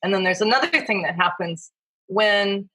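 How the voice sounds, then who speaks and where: A woman, a podcast guest and mythology author, talking in a gentle, storytelling way and acting out imagined inner voices. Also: medium pitch, fairly even intonation, normal speed, poor audio. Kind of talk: storytelling interview talk.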